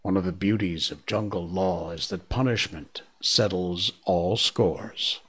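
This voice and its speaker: A man narrating a classic storybook in a measured, hushed manner. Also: low-pitched, breathy edge.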